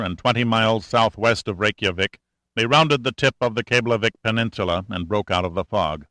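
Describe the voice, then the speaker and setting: A man narrating an adventure audiobook in a steady, measured way. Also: fairly low pitch, no room sound. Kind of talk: scripted narration.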